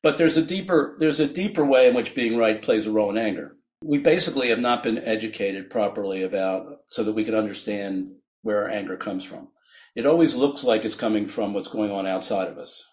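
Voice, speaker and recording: A man's voice: on the low side, fairly quick, darkish tone. A man, a physician guest on a podcast, explaining his ideas earnestly with frequent laughs and restarts.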